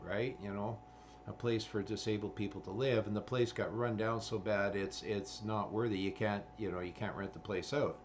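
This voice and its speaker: A man's voice: on the low side, a little mellow, a little hiss or hum. A man, ranting in a rambling commentary full of swearing and fillers. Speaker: vlogger.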